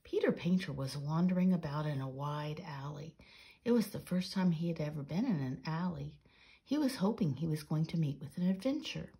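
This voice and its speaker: A woman reads a children's story aloud with a raspy, gravelly voice pitched a little low. Her tone is dark and mellow, soft and breathy as she tells it. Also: animated, moderate pace.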